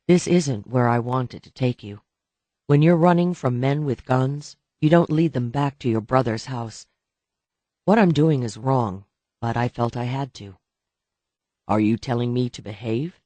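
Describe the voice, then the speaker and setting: A man voicing a calm, firm woman who guides people into hiding, matter-of-fact, in an audiobook. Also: mid-range voice, no room sound, natural voice.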